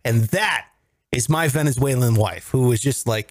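A man's voice: mid-range voice, normal speed. A man in his thirties hosting a casual podcast, joking and teasing his co-hosts in banter. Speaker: podcast host.

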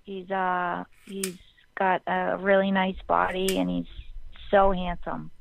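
A woman's voice: fairly low pitch, level tone, slow, gravelly, a little hiss or hum. A woman from Massachusetts, calling in and chatting openly in an easygoing way. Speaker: caller on a stream. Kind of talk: casual chat. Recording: dull lo-fi call audio.

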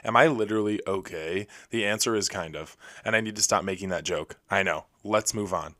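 Fast-talking young man, dry close sound. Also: fairly low pitch, pushed and bright, no room sound. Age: young adult. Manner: rapid, rambling, self-deprecating. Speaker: podcast host. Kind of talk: casual solo storytelling. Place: recording alone.

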